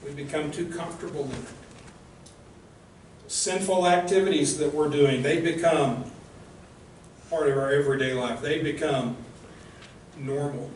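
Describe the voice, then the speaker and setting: Male minister, earnest and direct sermon delivery, slightly high voice, heavy room echo, mic a bit distant. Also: a little slow, pauses often, a little hiss or hum. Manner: earnest, direct, asks rhetorical questions. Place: church sanctuary.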